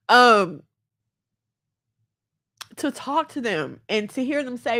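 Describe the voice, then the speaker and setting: A woman's voice: a little high, sing-song, slow pace, long pauses, fairly bright tone. A woman in her thirties hosting a podcast, talking candidly and with emotion to her listeners about family and self-love. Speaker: podcast host. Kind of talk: personal talk to listeners.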